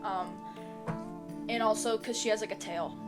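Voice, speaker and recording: A woman's voice: mid-range voice, moderate pace, over loud music. A woman player in a tabletop game, talking casually and rambling with fillers. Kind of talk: casual chat.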